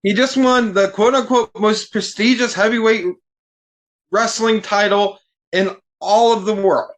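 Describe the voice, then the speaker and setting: A man as a podcast guest, talking in casual chat and sounding exasperated, swearing freely and getting animated. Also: sits high, unhurried.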